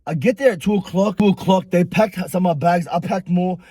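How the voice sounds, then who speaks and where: A young man vlogger telling a story in an animated, profane, slangy way. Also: sits high, fairly quick, no room sound. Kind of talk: storytime vlog.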